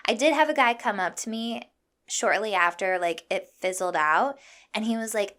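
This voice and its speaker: A young woman from Iowa hosting a podcast, telling a story in a fired-up, profane, animated way. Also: mid-range voice, moderate pace. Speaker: podcast host. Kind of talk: casual storytelling monologue.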